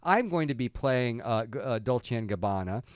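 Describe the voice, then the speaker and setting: A man co-hosting a talk show in casual chat, rambling and halting, with some profanity. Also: mid-range voice, expressive, no room sound, studio quality.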